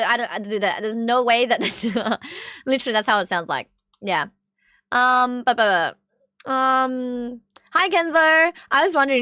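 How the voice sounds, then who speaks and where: A woman's voice: on the high side, sharp tone, no room sound, studio quality. Chatty young Australian woman streamer. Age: young adult. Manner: chatty and rambling, laughs often. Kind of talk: casual chat, reacting to clips.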